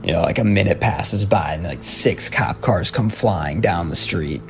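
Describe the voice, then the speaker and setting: A young man telling a personal story in a halting way, with nervous laughs. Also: sits low, soft background music.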